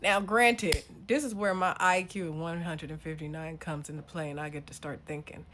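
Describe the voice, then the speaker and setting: A woman in a casual rant to camera, blunt and profane, dropping to muttered asides and then bursting out loud. She talks like a spiritual reader. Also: deep voice, fairly even intonation, normal speed, noisy background.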